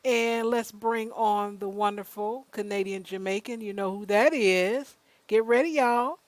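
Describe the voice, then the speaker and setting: A woman's voice: mid-range voice, unhurried, no echo. A woman hosting a casual podcast, chatting easily and reading news articles aloud. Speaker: podcast host.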